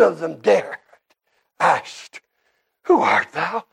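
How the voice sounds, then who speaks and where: A man with a Canadian accent preaching a sermon, emphatic and shifting between quiet and loud passages. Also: high voice, slow, gravelly, breathy edge.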